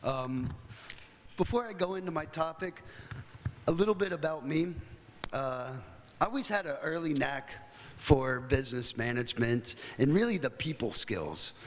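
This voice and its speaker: A man's voice: on the high side, expressive, moderate pace, big-room sound, slight background noise. A middle-aged American man giving a casual, chatty conference talk, telling stories with plenty of fillers. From United States. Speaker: guest speaker. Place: hotel conference hall.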